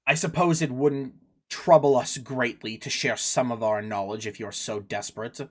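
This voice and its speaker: A man voicing a guarded male tribal spokesman who speaks slowly with a weary sigh. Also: medium pitch, steady tone, pitched below the performer's own voice, close to an everyday voice. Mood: grudging. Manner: slow, sighing, measured.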